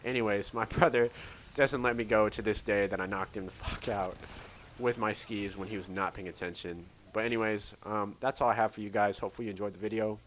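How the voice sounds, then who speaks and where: A man's voice: fairly low pitch, steady tone, brisk, fairly bright tone, slight background noise. A man casually telling a rambling story over gameplay, full of "like" fillers and restarts. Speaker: gaming channel host.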